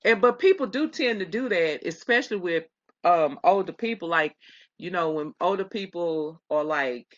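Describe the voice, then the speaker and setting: A woman's voice: lowish voice, lively intonation, moderate pace, dry recording, highs cut off. A woman co-hosting a casual gossip chat, rambling and laughing often with many restarts. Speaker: podcast co-host.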